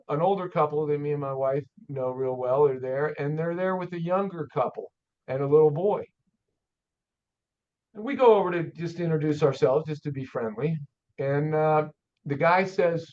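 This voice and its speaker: An older man, an auto shop owner, telling a story in a folksy, animated way as a guest on an interview show. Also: a little high. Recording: dull lo-fi audio.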